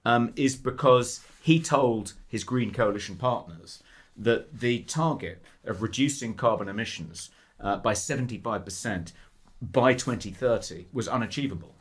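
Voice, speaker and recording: A man co-hosting a political podcast in a studio, sardonic and halting, full of ums. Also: mid-range voice, breathy edge. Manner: hesitant and sardonic, lots of ums, mocking quotes. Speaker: podcast co-host. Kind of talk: casual political chat.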